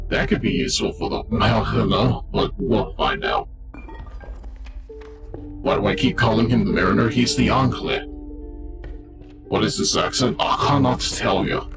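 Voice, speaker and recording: A man's voice: mid-range voice, measured pace, vocal fry, long pauses. A man streaming a card game, chatting casually with his chat in a rambling, jokey way. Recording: game music behind voice.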